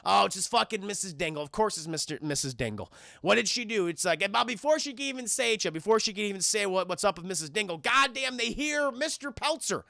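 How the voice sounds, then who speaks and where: A man's voice: high-pitched, expressive, fast talker, vocal fry, bright, forceful tone, no room sound, clean studio sound. A young man streaming a film review in casual chat, rambling and profane, and often talking to his chat.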